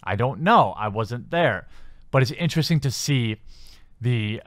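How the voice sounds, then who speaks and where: A man's voice: medium pitch, animated, measured pace, a bit bright, dry recording, clean studio sound. A man hosting a commentary channel, reading news articles aloud and picking them apart with sarcastic, skeptical remarks and many fillers.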